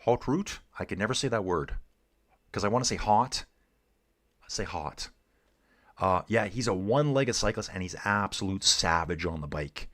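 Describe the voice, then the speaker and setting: A middle-aged Canadian man with a low, expressive voice and a fairly bright tone streams live cycling race commentary, talking at a moderate pace and pausing often. He chats casually with viewers in a laid-back way, calling them "dude" and "guys."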